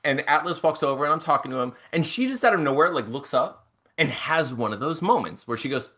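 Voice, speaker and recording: A man on a podcast chatting casually, telling animated stories and laughing often. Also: on the high side, fast. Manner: animated storyteller, laughs often, acts out quotes. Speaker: podcast co-host. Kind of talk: casual chat.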